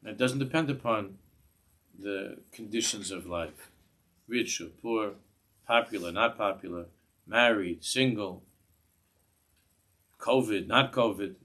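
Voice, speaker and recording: A man's voice: on the low side, unhurried, long pauses, fairly bright tone. A man, a rabbi giving a class in a synagogue, earnest, restarting phrases and mixing in Hebrew terms. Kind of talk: sermon.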